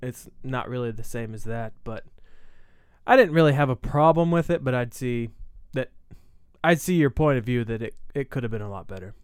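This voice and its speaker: Man co-host, hesitant casual talker, smooth clear voice, dry recording. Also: medium pitch, moderate pace, no room sound. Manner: hesitant, many ums. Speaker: podcast co-host reviewing a film. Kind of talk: casual chat.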